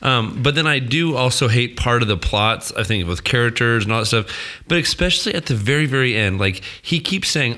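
A man's voice: medium pitch, expressive, a little fast, sharp tone. A man co-hosting a casual movie podcast, rambling with many restarts and fillers. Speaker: podcast co-host. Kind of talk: casual movie review chat.

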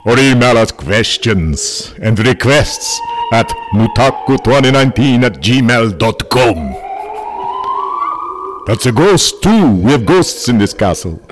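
A man playing a theatrical male vampire count who welcomes guests to his castle, with hammy, booming host patter. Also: background noise, natural voice.

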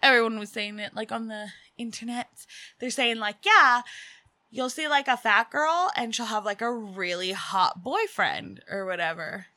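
A woman's voice: fairly high pitch, moderate pace, pushed and bright. A woman in her thirties co-hosting a podcast, chatting casually and laughing often. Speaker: podcast co-host. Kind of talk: casual chat.

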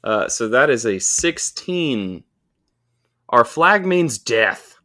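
An animated man hosting a podcast, full of teasing jokes and loud profanity. His pitch swoops a lot and his tone is bright and sharp. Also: takes it slowly. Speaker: podcast host. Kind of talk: casual chat.

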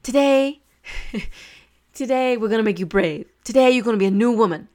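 A woman voicing an excited, flamboyant male waterfall guide who cheerfully rallies his group. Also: mid-range voice, a little fast, lightly acted. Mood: rousing. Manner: upbeat, cheerfully commanding.

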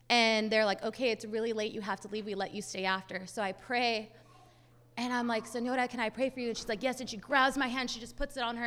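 High-voiced young woman preaching in hall. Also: a bit bright. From Hispanic family, US. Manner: casual storytelling, many "like" fillers. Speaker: church speaker. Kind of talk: sermon testimony. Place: church sanctuary. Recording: long hall reverb.

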